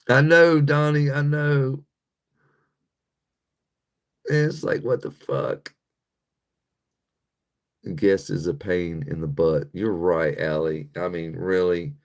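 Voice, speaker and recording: A man's voice: mid-range voice, animated, slow pace, creaky, pauses often. A man hosting a casual livestream, talking bluntly and profanely to his chat and laughing often. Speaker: livestream host.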